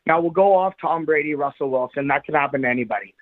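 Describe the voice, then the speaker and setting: A man's voice: on the high side, fast. A man co-hosting a sports gambling show, needling and arguing in casual debate. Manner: needling, argumentative. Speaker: podcast co-host. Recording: tinny phone-like line.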